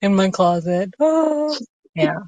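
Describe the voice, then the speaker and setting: A woman calls in to chat, gushing with quick laughs and gasps, her voice sounding dry and close, with no room around it. She talks from inside a closet. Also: mid-range voice, big pitch swings, a little mellow, no echo, lo-fi sound. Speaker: caller. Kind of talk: casual chat. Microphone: phone app call.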